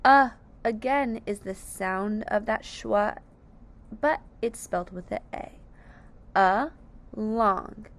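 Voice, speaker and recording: Speaking slowly in a mid-range voice, a woman leads a phonics lesson. She breaks every word into syllables and over-enunciates each sound with deliberate care.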